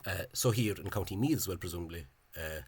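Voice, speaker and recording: A man giving an informal spoken lecture over on-screen examples. He talks in a halting, hesitant way and is openly scornful of the official spelling. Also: low voice, breathy edge. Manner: hesitant and halting, with frequent pauses and restarts. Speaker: language enthusiast presenting a video lecture.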